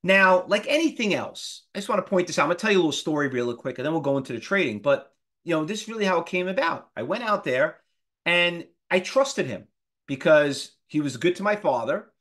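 A man in his fifties teaching a live trading class, animated and firing rhetorical questions at his students. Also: on the high side, a little fast. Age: 50s. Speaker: trading instructor.

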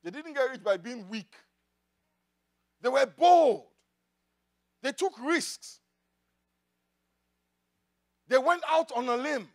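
A man preaching a sermon in church, swinging from loud declarations to quiet asides. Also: very high voice, expressive, takes it slowly, pauses often. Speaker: pastor.

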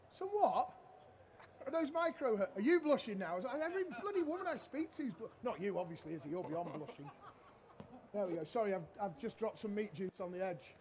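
A middle-aged man, a chef giving a live cooking demonstration on a trade show stage and joking loudly with the crowd and his helpers. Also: sits high, slight background noise. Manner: cheeky, loud-mouthed joker. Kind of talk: live cooking demo with banter.

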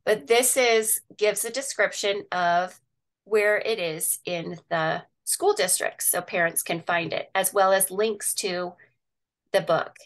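A woman in middle age speaks over a video call in a chatty, easygoing way. She talks as she goes, with fillers and small laughs. Her pitch sits in an ordinary middle range. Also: takes it slowly. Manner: chatty, sharing her screen, with frequent um and laughs. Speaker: guest, parent activist. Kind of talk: casual video call interview.

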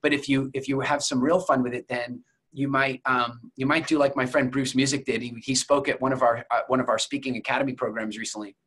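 Husky-voiced man teaching public speaking. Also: medium pitch, steady tone, fairly quick, a bit bright. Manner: conversational, storytelling with examples; addresses viewers directly. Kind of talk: masterclass lecture.

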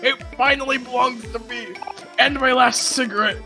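A woman voicing a chain-smoking female collector with a gravelly smoker's rasp. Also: sits high, steady tone, normal speed, over loud music. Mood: smug. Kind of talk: live game voice-over stream.

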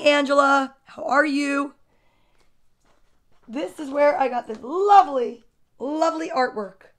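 A woman's voice: high voice, fairly bright tone. A woman hosting a casual storytime livestream, chatty and gushing, greeting viewers by name between books. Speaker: storytime host. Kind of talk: casual livestream book reading.

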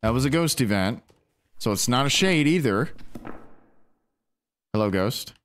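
A man giving casual, animated commentary while playing a ghost-hunting game and talking to his teammates. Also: mid-range voice, normal speed. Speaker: gaming streamer.

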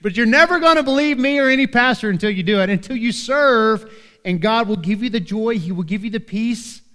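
A man with a high voice preaches in a church, his words ringing with long hall reverb. He talks to the congregation in an earnest, conversational way and keeps asking "right?". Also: fairly quick, fairly bright tone. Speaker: pastor. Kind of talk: sermon. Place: church sanctuary.

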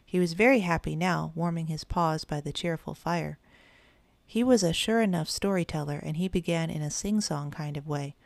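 A woman narrating a children's story in a gentle storytelling manner. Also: low voice, moderate pace, gravelly, no echo. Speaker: audiobook narrator. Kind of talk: children's story read aloud.

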